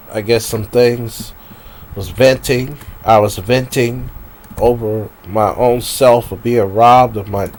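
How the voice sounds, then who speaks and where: Brief: male streamer, rambling profane rant, mid-pitched, emotional venting. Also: a little mellow, slight background noise. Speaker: live streamer.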